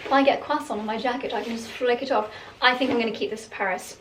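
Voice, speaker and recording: A chatty young woman muses aloud about outfits, laughing often. Her voice sits a touch high and bounces off the walls of the room, with a faint hiss under it. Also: steady tone, quick pace, a bit bright, recorded from a distance. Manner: chatty, giggly, thinking aloud. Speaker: fashion vlogger. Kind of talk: casual vlog chat. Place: room at home, trying on clothes. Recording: echoey room, voice from off-mic.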